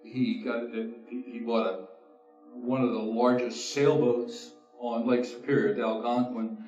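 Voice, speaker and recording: A man on a panel recounting local history in a halting way with many pauses. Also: mid-range voice, level tone, a little mellow. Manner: halting, many fillers and restarts. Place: town hall. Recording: roomy, distant lo-fi audio, faint music.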